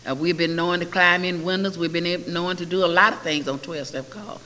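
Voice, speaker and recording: An older woman with a bright, sharp tone gives a personal testimony as a speaker at a recovery meeting. Speaking fast and on the low side, she tells her story vividly and does lively voices for the people in it. Her voice rings through an echoey hall over a faint hiss.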